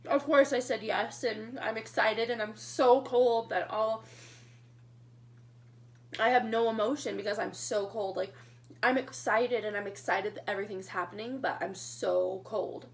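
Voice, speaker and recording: A young woman telling her engagement story in a casual storytime vlog, chatty and excitable, getting emotional as she talks. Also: fairly high pitch, moderate pace. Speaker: vlogger.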